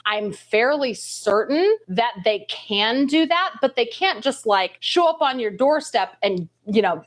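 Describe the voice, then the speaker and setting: A woman hosting a casual reaction show, chatting through a clip, laughing often and thinking aloud. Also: a little high. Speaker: news reaction host. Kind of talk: casual commentary on a video clip.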